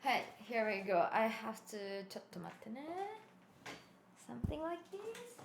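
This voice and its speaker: A woman whose first language is Japanese chats on a live stream in a fairly high, giggly voice. She mixes in Japanese phrases as she talks. The room is echoey, with a faint ambient hum behind her. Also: big pitch swings, normal speed, creaky. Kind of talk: casual live-stream chat.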